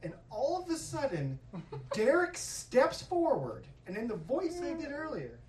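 A man telling a stand-up story on a comedy stage, swearing freely and acting out yelling coaches. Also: very high voice, measured pace, recorded from a distance, a little hiss or hum. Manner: profane, animated, acts out coaches' yelling. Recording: echoey hall with crowd laughter, mic from afar. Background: audience laughing.

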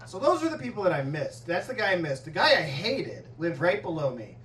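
Male stand-up comic, profane and animated, heard from a distance in a roomy club. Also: a little high, fairly quick, a loud crowd. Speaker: stand-up comedian. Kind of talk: stand-up set. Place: comedy club stage. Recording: echoey club, distant mic, audience laughter.

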